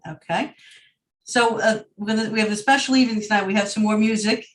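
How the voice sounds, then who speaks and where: A woman's voice: medium pitch, steady tone, fairly quick, recorded from a distance, rough recording. Brief: woman host with a Long Island accent, friendly and welcoming, on a video call, a bit off-mic. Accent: Long Island New York. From Long Island, New York. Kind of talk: online group event hosting.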